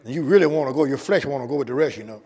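A man's voice: mid-range voice, animated, racing, warm tone, big-room sound, some chatter behind. A male pastor preaching a sermon with emphatic call-and-response to his congregation, in a church sanctuary.

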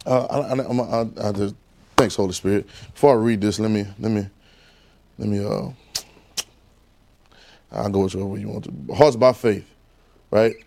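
A man's voice: fairly low pitch, steady tone, moderate pace, creaky, pauses often, darkish tone. A man with a Southern US accent preaching a sermon in a casual, coaxing call-and-response style.

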